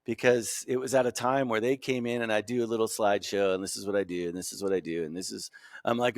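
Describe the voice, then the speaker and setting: A man's voice: on the low side, fairly even intonation, quick pace, no room sound, clean studio sound. A man talking in a casual podcast conversation, emotional and rambling, calling the host "dude". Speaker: guest artist.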